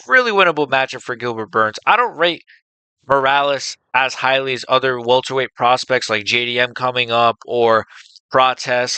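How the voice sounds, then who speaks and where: A young man with a bright, clear voice rants through casual reaction commentary, swearing freely and getting animated. His voice sits a little high for a man, recorded dry and close. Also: no room sound, rough recording. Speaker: MMA reaction channel host.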